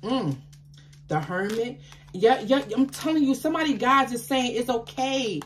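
A woman reading tarot cards for her audience in a slightly high voice. She talks in a chatty, affectionate way and calls the listener baby. She breaks into excited exclamations and laughs, with faint noise in the background. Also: normal speed. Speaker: tarot card reader. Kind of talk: intuitive tarot reading to viewers.

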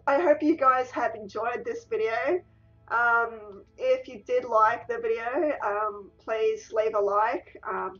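A woman's voice: a little high, a bit bright. A woman doing let's-play commentary, emotional and exclamatory, often repeating the same exclamations. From Australia. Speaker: gaming YouTuber. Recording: distant, dull lo-fi mic.

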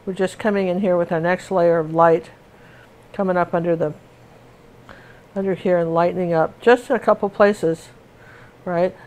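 A woman's voice: on the low side, fairly even intonation, moderate pace, long pauses, darkish tone. A middle-aged woman teaching painting in a casual, rambling, chatty way with many fillers and restarts. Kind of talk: casual tutorial chat while painting.

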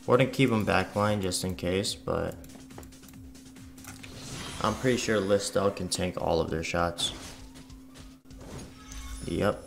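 Gravelly low-voiced gaming commentator. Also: male voice, slow, long pauses. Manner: offhand, chatty. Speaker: gaming channel host. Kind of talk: casual gameplay commentary. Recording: faint game music behind.

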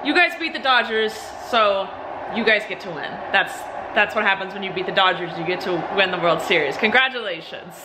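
A woman's voice: medium pitch, brisk, background noise. A young woman vlogging casually to a handheld camera, chatty and playful, rambling through asides. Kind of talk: casual vlog chat to camera. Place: home, car and grocery store.

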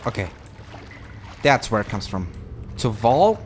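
A man commentating a horror game as he plays it, excitable and profane, talking to himself and to the game. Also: fairly low pitch, a little slow, slight background noise. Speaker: gameplay commentator.

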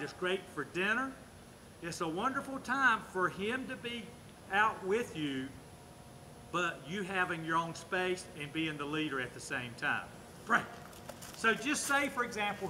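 A man's voice: high voice, pushed and bright, a little hiss or hum. A man with a Southern US accent, a dog trainer explaining his methods outdoors between short commands to a puppy. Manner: explains to camera while working a dog, switching to short commands.

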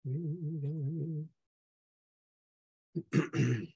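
A man teaching a live online drawing class, chatting casually and humming to himself as he sketches, his voice going and his throat clearing often. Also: a little high, fairly even intonation, very slow, warm tone. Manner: casual, hums and talks to himself while sketching.

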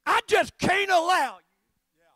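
A man voicing a defiant old male farmer who stands his ground, shouting slow, drawn-out warnings. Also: very high voice, expressive, no room sound, studio quality, voice pushed up, exaggerated voice.

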